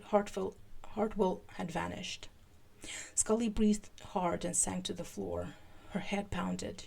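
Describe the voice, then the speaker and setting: This podcast host, a woman, reads fan fiction live with a gravelly voice of fairly low pitch. She delivers the text with animation and turns halting when making asides.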